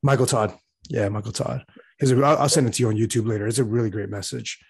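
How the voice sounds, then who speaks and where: A man's voice: mid-range voice, steady tone, fast, vocal fry, darkish tone, breathy edge, dry recording. A young man talking in a loose, rambling way, full of fillers, laughing as he tells stories. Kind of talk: casual chat.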